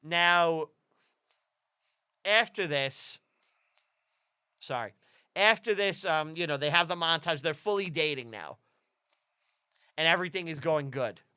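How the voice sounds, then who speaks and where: A man with a bright, crisp voice retells a film scene by scene in casual podcast chat, slipping into the characters' lines. He sits a little higher than average in pitch, and the recording is close and dry. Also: measured pace, pauses often, no room sound. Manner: animated storyteller, acts out characters' lines. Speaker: podcast co-host.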